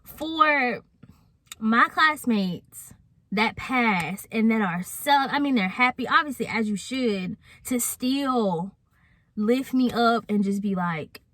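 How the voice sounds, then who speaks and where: A woman's voice: on the high side, unhurried, fairly bright tone, dry recording. A young adult woman telling a personal story in a casual, candid vlog, chatting straight to her viewers. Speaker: vlogger.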